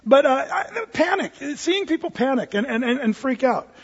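A man's voice: very high-pitched, very animated, moderate pace. A middle-aged man telling a rambling personal story, full of fillers and restarts, acting out what people said. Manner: rambling, lots of fillers and restarts, acts out quotes. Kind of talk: anecdotal storytelling. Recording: dull, reverberant hall.

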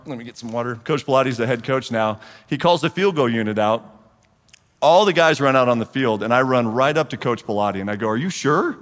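Speaking in a church hall whose large space adds long reverb, a forties-aged man visiting a church men's group shares his testimony as a story. He brings energy to it, performing the dialogue, and his pitch sits in the medium range.

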